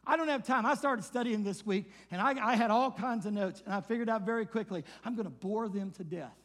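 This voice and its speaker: Older male pastor, very high voice, sermon, shouts then drops to a hush. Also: brisk, big-room sound. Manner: swings from loud shouted preaching to hushed quiet passages.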